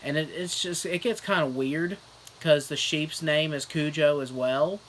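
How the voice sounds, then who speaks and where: A man's voice: fairly high pitch, measured pace, slight background noise. Rambling young man telling a fake book plot. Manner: rambling deadpan storytelling with fillers. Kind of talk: comedic fake book review.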